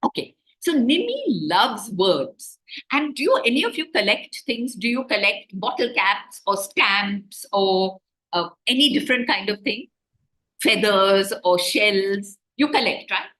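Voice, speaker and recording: Animated woman telling a story to children. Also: medium pitch, unhurried. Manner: animated, asks the children questions. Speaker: children's author. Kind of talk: storytelling to children on a video call. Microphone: video call.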